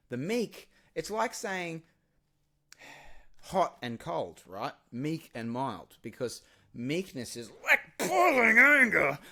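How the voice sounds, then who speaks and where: A man hosts his podcast alone in a loose, rambling monologue. His pitch leaps up and down as he talks, and he drops to near-whispers before bursting out loudly. His speaking pitch sits in the middle range for a man. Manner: animated, swings from quiet asides to loud outbursts, swears. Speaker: podcast host and musician. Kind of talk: casual solo podcast monologue.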